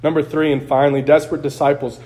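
Earnest higher-voiced male preacher. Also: little pitch movement, fast, warm tone. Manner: earnest, conversational preaching with acted-out quotes. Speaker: pastor. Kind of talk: sermon.

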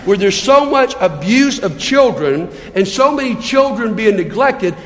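A man preaches from the pulpit with a high, earnest voice, pleading with his congregation through rhetorical questions. His words ring out with a long reverb that fills the church hall. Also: lively intonation, measured pace, fairly bright tone. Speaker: pastor. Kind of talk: sermon. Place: church sanctuary.

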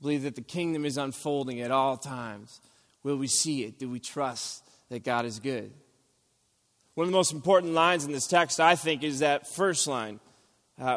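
A man's voice: on the high side, a bit bright, in a large hall. A man preaching a sermon as pastor, earnest and rising for emphasis. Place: church sanctuary.

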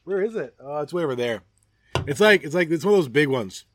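A man's voice: a little high, expressive, fast, a little hiss or hum. A middle-aged man co-hosting a podcast, chatting casually and jokingly outdoors, often rambling and trailing off. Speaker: podcast co-host. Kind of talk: casual chat. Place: outdoors at a backyard gathering.

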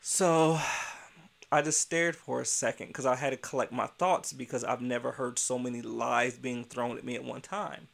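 Gravelly-voiced man telling a workplace story. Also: mid-range voice, normal speed. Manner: animated, acts out dialogue, blunt. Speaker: childcare center director. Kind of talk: casual storytelling vlog.

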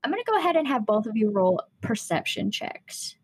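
A woman narrating a tabletop role-playing game as game master, describing scenes at a relaxed pace with frequent fillers. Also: fairly high pitch, brisk, slightly rough, low-quality recording.

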